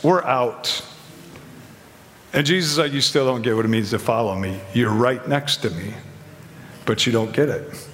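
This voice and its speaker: A man with a fairly high voice preaching a conversational sermon. He asks questions and slips into quick acted-out lines from his story. His voice rings out in a hall with long reverb. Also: fairly bright tone.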